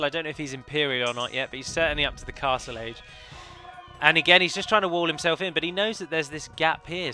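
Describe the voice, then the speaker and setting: A let's play commentator talks through his own multiplayer strategy match in a slightly high, bright, forceful voice. His commentary is chatty and analytical, and he often corrects himself mid-sentence.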